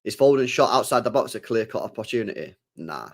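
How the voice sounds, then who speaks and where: A man's voice: lowish voice, animated, a little fast. A young man, chatting casually on a livestream, repeating phrases and ending lines with mate and bro. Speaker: football channel host. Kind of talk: casual livestream chat reading super chats.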